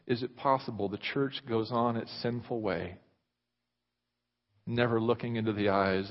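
A man preaching a sermon, moving from loud, fervent delivery to hushed near-whispers. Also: on the low side, fairly even intonation, measured pace, long pauses. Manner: impassioned, rising loud then dropping to near whispers. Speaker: pastor. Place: church sanctuary. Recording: muffled reverberant hall recording.

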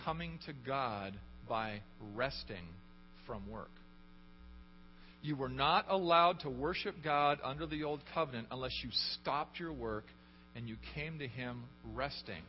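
A man preaching a sermon, emphatic, often asking the congregation questions. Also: mid-range voice. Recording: echoey hall, dull lo-fi, faint hum.

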